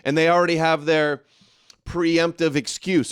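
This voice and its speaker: The host's voice is medium-pitched, clear and resonant, paced in a measured way, with no echo and studio-grade sound. On his casual political livestream he reads out viewer comments, mocks sarcastically, and rants in indignation.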